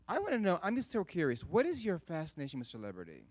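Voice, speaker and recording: Male audience member: eager, fast, lively questioner. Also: on the high side.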